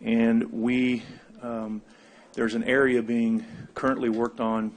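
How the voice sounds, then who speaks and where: A man speaking as a county commissioner at a public meeting, halting with many fillers as he makes a motion. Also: mid-range voice, level tone. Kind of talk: formal meeting remarks. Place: government meeting.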